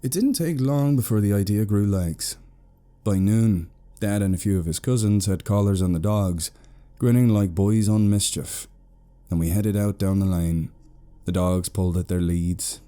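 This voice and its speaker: A British man narrating a horror story slowly, in a hushed tone. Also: deep voice.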